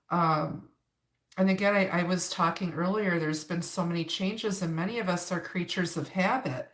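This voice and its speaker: A woman's voice: fairly low pitch, fairly bright tone. A woman with an Upper Midwest accent giving a chatty live-stream tarot reading, greeting viewers and laughing between cards. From Wisconsin, United States. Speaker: tarot reader. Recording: roomy echo.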